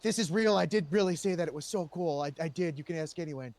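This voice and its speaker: A man speaking in character as a police officer, telling a long story in an animated way and raising his voice when he quotes people. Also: fairly high pitch, quick pace. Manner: animated, raises voice when quoting others. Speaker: role-play player as police officer. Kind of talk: in-character role-play storytelling.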